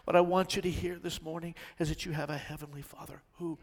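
An older man pastor preaching a sermon, swinging from loud shouts down to hushed whispers. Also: a little high, steady tone, quick pace. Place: church sanctuary. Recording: long reverb of a church hall.

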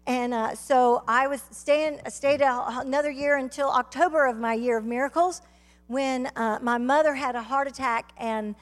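High-voiced Southern woman preaching in a hall. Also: fairly even intonation, moderate pace. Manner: fervent storytelling preacher, rising to shouts. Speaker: guest speaker. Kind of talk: testimony sermon. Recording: reverberant hall.

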